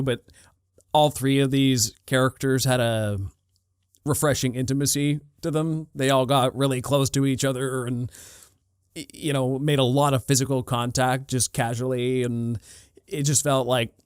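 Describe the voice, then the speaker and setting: A man's voice: mid-range voice, fairly even intonation, normal speed, clear, resonant tone, no echo, studio quality. A man co-hosting a podcast, chatting casually about a film with many fillers and restarts. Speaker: podcast co-host. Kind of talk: casual film review chat.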